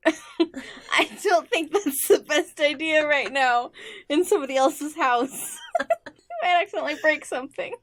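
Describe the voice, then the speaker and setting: A woman's voice: high-pitched, very animated, a little slow, long pauses, a bit bright. A woman playing a tabletop game, giggling as she speaks in character. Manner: giggly, laughing. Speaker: player.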